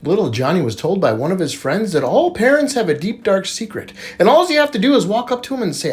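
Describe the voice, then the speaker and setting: A man telling jokes casually, jumping into high voices for the characters. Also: sing-song, a little fast. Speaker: joke teller.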